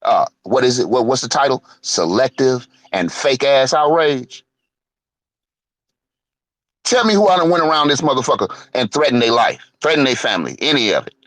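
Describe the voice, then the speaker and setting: Middle-aged man, angry profane rant, swinging pitch, dry close sound. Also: expressive, moderate pace, a bit bright, no echo. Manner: profane, heated storytelling with mocking quoted voices. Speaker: online show host. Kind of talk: angry monologue.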